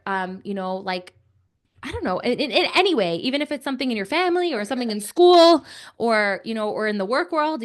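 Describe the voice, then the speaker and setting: A young woman telling an animated story to children, chatty and excitable, with lots of filler words. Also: mid-range voice.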